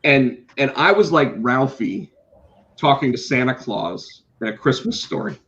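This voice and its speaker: A middle-aged man, a podcast co-host and comic book artist, telling a story in casual chat, animated, swearing and acting out what people said. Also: mid-range voice, measured pace. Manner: animated, swears, acts out quotes. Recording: slightly dull lo-fi sound.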